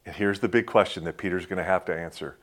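A man preaching a sermon as a pastor in a conversational way, often dropping to a soft hush and saying "man" and "right?" a lot. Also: sits low, fast talker. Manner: frequent filler "man" and "right?".

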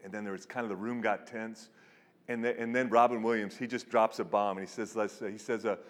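Male pastor, low voice, animated sermon storytelling, big echoing hall. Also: brisk. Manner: animated storytelling, drops to a hushed voice for serious points. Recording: long hall reverb.

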